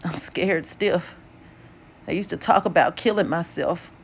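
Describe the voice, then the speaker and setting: Low quiet voice of a scared hurt teen boy done by a lady reading, shaky and strained. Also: unhurried, gravelly, slight background noise. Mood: weak. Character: weak, frightened teenage boy in a hospital bed.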